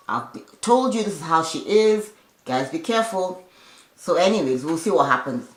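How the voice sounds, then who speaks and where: Chatty woman in an echoey room. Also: deep voice. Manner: chatty, animated, with opinionated asides. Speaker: reality TV recap vlogger. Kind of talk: casual episode recap.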